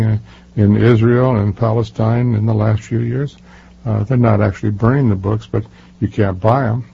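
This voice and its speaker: An older man with a low, gravelly, husky voice, telling anecdotes in an interview and pressing his points hard. He talks with plenty of ums and restarts, and his voice sounds dark and mellow. The recording is muffled and lo-fi. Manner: emphatic, storytelling, many fillers and restarts. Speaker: author being interviewed. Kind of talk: casual interview talk.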